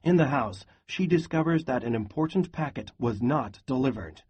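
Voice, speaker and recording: Husky man reading a novel aloud. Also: mid-range voice, expressive, moderate pace, a little mellow, dull audio. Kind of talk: read-aloud lesson narration.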